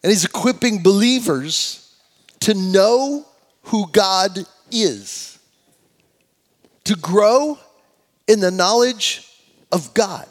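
An older man preaching a sermon, swinging between loud emphatic lines and soft conversational asides, and leading his congregation in repeating phrases. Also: high voice. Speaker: pastor. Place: church sanctuary. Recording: church hall with long reverb.

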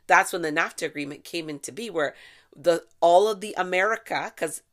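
A middle-aged woman from Canada giving opinionated solo commentary, sarcastic and animated, swearing freely and sometimes bursting into shouts. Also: lowish voice, brisk. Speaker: vlogger.

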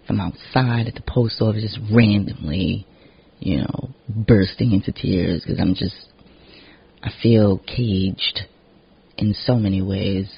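A man's voice: on the low side, measured pace, creaky, husky. A man talking frankly in a casual personal monologue, emotionally exhausted, swearing often and filling his talk with "you know". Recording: dull lo-fi recording.

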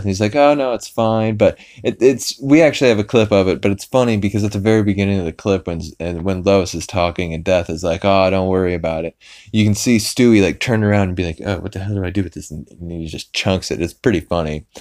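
Deep-voiced rambling podcast host. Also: male voice, a little mellow. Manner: rambling, many fillers and restarts. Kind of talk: casual episode recap.

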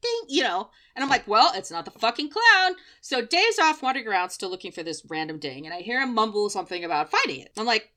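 A woman tells a rambling personal story on a podcast, swearing freely and laughing as she goes. Her pitch swings widely and her tone is bright and forward. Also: fast talker, few pauses. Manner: profane, animated, laughing storyteller. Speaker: podcast host. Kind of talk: casual storytelling chat.

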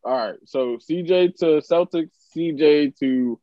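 A man co-hosting a casual sports talk show, ranting and jumping high in pitch when he gets worked up. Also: measured pace, few pauses, mellow, no room sound, lo-fi sound. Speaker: podcast co-host.

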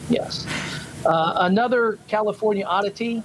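High-voiced man rambling with fillers. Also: normal speed, background noise. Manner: rambling, hesitant, many fillers. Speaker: podcast co-host. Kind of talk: casual chat.

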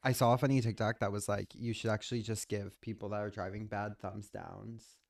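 A young woman hosting a podcast from her bedroom, hoarse today, blunt and joking with casual swearing. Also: extremely low pitch, little pitch movement, fairly quick, a little mellow. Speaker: podcast host. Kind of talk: casual chat. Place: own bedroom.

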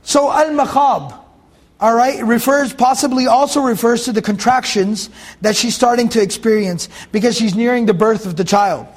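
A man. He explains Arabic words slowly and repeats each key phrase for his listeners. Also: very high-pitched. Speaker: Quran teacher. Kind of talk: Quran commentary lecture.

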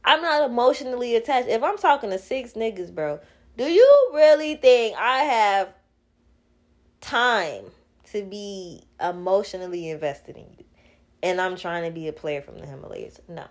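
A woman's voice: medium pitch, animated, normal speed. A woman, hosting her own podcast in a blunt, candid casual monologue, laughing often and swearing freely. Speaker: podcast host.

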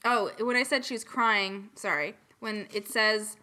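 A woman's voice: medium pitch, measured pace, bright, forceful tone. A young woman casually retelling a fairy tale on a podcast, chatty and giggly, swearing and acting out the voices. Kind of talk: casual chat storytelling.

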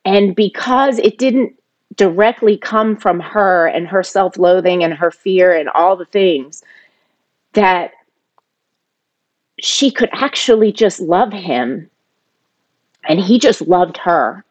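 A woman's voice: lowish voice, takes it slowly, long pauses. A middle-aged woman tells a personal family story in a casual, heartfelt way. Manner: emotional, rising sharply when quoting her younger self.

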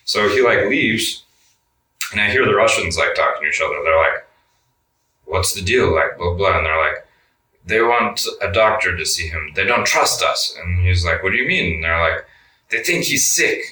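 A man's voice: low voice, animated, moderate pace, bright, forceful tone, recorded from a distance. A young man telling a story in a laid-back interview, cursing a lot and saying "like" all the time. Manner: laid-back, swears a lot, says "like" often. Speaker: guest. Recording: roomy sound, mic set back.

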